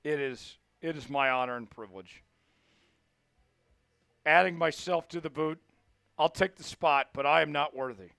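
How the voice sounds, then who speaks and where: A man hosting a live sports stream, calling plays and shouting when his team scores. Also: fairly high pitch, moderate pace, gravelly, long pauses, no echo, clean studio sound. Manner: excitable, shouts big plays. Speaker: livestream sports host. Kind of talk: live play-by-play watch-along.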